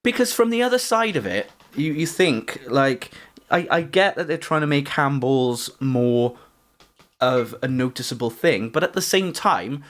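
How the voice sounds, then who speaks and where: A British man co-hosting a relaxed podcast chat. He rambles, stacking fillers and restarts as he works through his points. His pitch sits in the ordinary middle range. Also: a little slow. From United Kingdom. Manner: rambling, many fillers like "like" and "you know". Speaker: podcast co-host. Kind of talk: casual chat.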